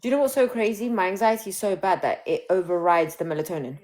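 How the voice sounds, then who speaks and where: Grieving woman, low-voiced and halting. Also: animated, a crowd in the background. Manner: open and emotional, halting restarts. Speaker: livestream host. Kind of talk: candid live chat. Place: home. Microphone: phone.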